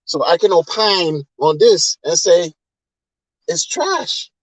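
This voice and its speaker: A man's voice: a little high, measured pace, no room sound, poor audio. A man hosting a casual livestream, talking in a rambling, repetitive way and sounding exasperated as he rants to viewers. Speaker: crypto livestream host.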